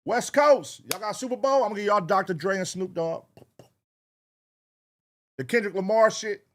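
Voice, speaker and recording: A man's voice: high-pitched, moderate pace, a bit bright. A man hosting a reaction show, talking casually and profanely straight to his viewers.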